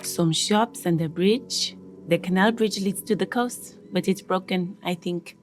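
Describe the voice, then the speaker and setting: A woman's voice: on the low side, unhurried, faint music behind, natural voice. A woman voicing a plain-spoken, wary local woman in a game. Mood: matter-of-fact.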